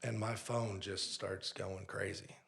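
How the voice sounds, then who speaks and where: Gravelly-voiced man telling a story. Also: sits low, slow pace. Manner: animated storyteller who acts out dialogue. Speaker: pizzeria owner, podcast guest. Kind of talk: casual podcast storytelling.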